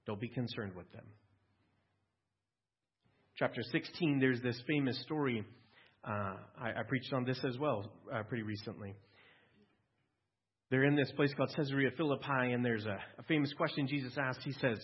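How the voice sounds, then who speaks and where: A man's voice: mid-range voice, brisk, husky. A male pastor giving a sermon in a conversational way, asking the listeners questions. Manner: conversational, asks listeners questions, small restarts. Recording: dull lo-fi recording.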